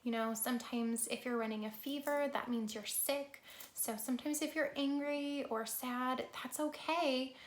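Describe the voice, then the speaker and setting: A woman reading a picture book aloud to children as a storyteller, lively and talking straight to her young listeners, sometimes dropping into a soft whisper. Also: high-pitched, moderate pace, roomy sound. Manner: animated, talks straight to children, drops to soft whispers for asides.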